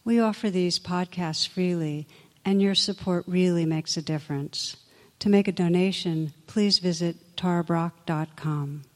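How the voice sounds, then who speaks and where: A middle-aged woman gives a dharma talk with a fairly low voice. She tells her stories in a gentle, conversational way and sounds like a meditation teacher talking with her group. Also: unhurried. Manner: gentle, conversational storytelling with playful sound effects.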